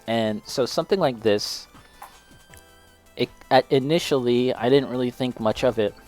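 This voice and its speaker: A man's voice: medium pitch, normal speed, a little mellow, faint music behind. A young man casually chatting as he tastes and reviews snacks, self-deprecating and reacting as he eats. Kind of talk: casual snack tasting chat.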